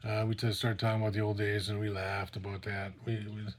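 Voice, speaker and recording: A man's voice: fairly low pitch, level tone, a little fast. A middle-aged man casually telling a personal story, rambling and profane, with plenty of fillers.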